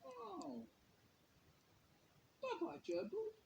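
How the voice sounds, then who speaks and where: A man voicing a sweet two-year-old boy in a squeaky, whining sing-song. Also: animated, a little slow, warm tone, echoey room, a little hiss or hum. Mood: sad.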